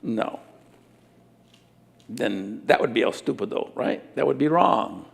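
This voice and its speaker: A middle-aged man preaching a sermon as a pastor, animated and acting out little scenes. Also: mid-range voice, slow pace, vocal fry, husky.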